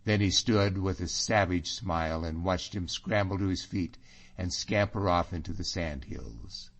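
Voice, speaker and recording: Slow, low-voiced male audiobook narrator. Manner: even, measured storytelling. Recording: dull lo-fi audiobook recording.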